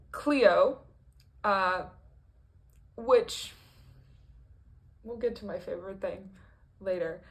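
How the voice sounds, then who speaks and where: A woman talking through a musical in a casual review vlog, rambling and chatty with lots of fillers, restarts and playful asides. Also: mid-range voice. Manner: rambling and chatty, with frequent fillers and self-corrections. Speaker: video creator.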